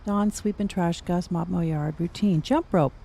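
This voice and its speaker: A woman's voice: on the low side, moderate pace, creaky, mellow, slightly rough. A middle-aged woman giving casual gameplay commentary, chatty and thinking aloud with wry asides. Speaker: gaming streamer.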